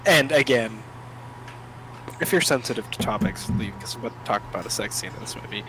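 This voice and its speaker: A man's voice: fairly low pitch, lively intonation, a little fast, noisy background. A man co-hosting a casual film podcast, chatty and full of "like". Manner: chatty, peppered with "like". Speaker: podcast co-host.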